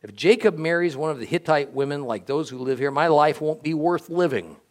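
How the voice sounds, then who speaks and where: A man reading scripture aloud, voicing a scheming, protective mother who speaks in a hushed, urgent way. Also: fairly high pitch, a little fast, close to an everyday voice.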